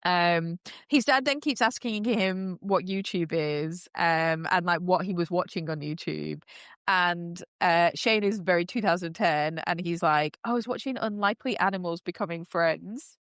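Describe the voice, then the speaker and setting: A woman hosts a casual podcast recap, her speech a steady stream of "um" and "like" as she gushes over the story. Her voice sits on the lower side and comes through smooth and resonant. The sound is dry and close, with no room around it. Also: measured pace, dry recording. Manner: chatty and gushing, heavy use of "um" and "like". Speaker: podcast host recapping a TV series. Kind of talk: casual chat.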